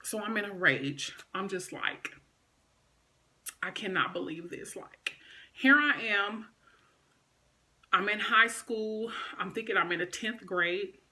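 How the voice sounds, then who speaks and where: Bright-voiced woman vlogger telling a story. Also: medium pitch, lively intonation, slow pace. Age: adult. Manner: emotional, conversational, many fillers. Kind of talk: personal storytelling.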